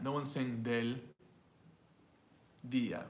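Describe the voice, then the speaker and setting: A man's voice: mid-range voice, normal speed. A male language teacher leads an online pronunciation lesson in a loose, chatty way. He repeats example phrases aloud to show how they sound, with a mid-range voice. The room gives his voice a noticeable echo. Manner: loose and chatty, with fillers and small laughs.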